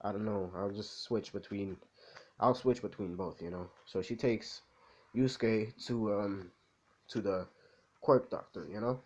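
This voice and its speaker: A man's voice: on the low side, unhurried, darkish tone. A man casually retelling a fan-made story, rambling with lots of fillers. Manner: rambling, full of "like" and "you know".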